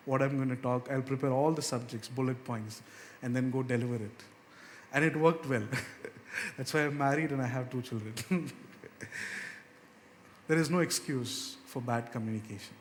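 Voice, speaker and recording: Guy preaching in a church, earnest, goes higher and slower on verses, big hall echo, a bit of room noise. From India. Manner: earnest, rises in pitch and slows down on scripture verses. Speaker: pastor. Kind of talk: sermon. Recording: long reverb of a church hall, faint ambience.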